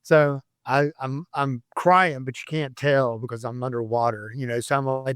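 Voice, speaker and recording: A man's voice: mid-range voice, a little fast, dry recording, studio quality. A man in his fifties, a retired sheriff's deputy, telling rambling stories in a casual interview and laughing at himself. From Florida, USA.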